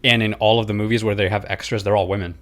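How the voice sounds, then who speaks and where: A man's voice: fairly low pitch, fairly even intonation, racing, fairly bright tone. A man co-hosting a casual movie chat, telling behind-the-scenes trivia and laughing at his own stories. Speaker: podcast co-host.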